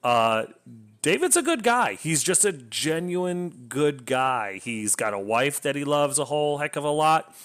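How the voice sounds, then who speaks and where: A man's voice: fairly high pitch, sing-song, a little slow, a bit bright. A man casually reviewing a novel, enthusiastic and rambling, often restarting his sentences. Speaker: book reviewer.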